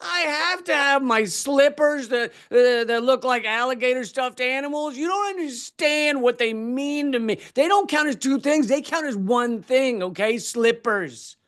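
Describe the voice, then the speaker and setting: A man's voice: very high voice, a little slow, hardly any pauses, a bit bright, voice pushed up. A man voicing a petulant, entitled person who pleads to keep his belongings. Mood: whiny.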